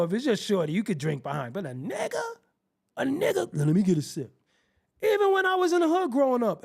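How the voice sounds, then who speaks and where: Animated, gravelly-voiced man telling a profane story. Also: high-pitched. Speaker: show host. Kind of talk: comedic storytelling rant.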